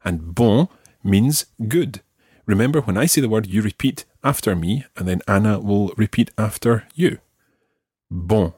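A Scottish man teaching a language lesson, slowly modelling French words for a learner to repeat. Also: lowish voice, expressive, a little mellow, slightly rough, no room sound, studio quality. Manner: slow, careful modelling of French words for repetition.

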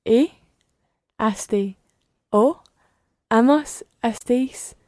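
A woman's voice: on the high side, drawn-out words, darkish tone, dry recording, studio quality. A woman answering carefully as a student in a language lesson.

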